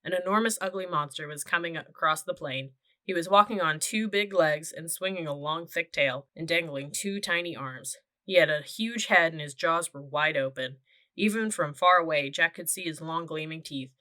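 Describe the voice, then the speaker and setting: A woman reading a children's chapter book aloud. Her voice sits a little low, with a bright, forward tone, and she tells the story in a steady, clear way. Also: moderate pace. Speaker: audiobook narrator. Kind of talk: children's audiobook narration.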